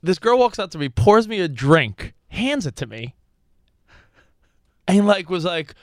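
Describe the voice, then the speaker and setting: Lively storytelling man from New Jersey. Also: sits high, measured pace, long pauses, no room sound. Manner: animated storyteller, acts out quotes. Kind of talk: casual chat, storytelling.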